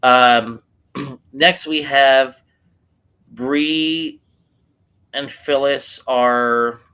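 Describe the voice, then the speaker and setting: A man's voice: mid-range voice, fairly even intonation, extremely slow, bright, forceful tone, clean tone. A man co-hosting a podcast, chatting casually as he retells scenes and acts out the characters' lines. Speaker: podcast co-host. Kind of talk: casual recap chat.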